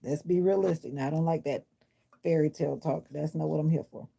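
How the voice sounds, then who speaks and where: A low, dark-toned woman's voice with a gravelly, husky edge, talking into her phone on a live stream. She is middle-aged and a little under the weather. She chats loosely and reacts bluntly and with sass to comments from viewers. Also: steady tone, a little fast. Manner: chatty, answers comments, sassy and blunt. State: unwell. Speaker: livestream host. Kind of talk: casual livestream chat with viewers. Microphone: phone or device mic.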